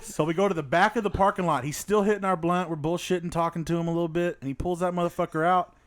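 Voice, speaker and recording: A man's voice: sits high, steady tone, fast talker. A young man hosting a podcast, telling a rambling, profane story in casual chat, often laughing as he goes. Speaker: podcast host.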